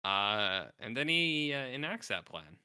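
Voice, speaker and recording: A man's voice: mid-range voice, sing-song, measured pace, bright, forceful tone, smooth, no room sound, clean studio sound. A young man co-hosting a podcast, casually retelling a film and acting out its lines. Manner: rambling retelling with acted-out quotes. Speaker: podcast co-host. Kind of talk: casual film review chat.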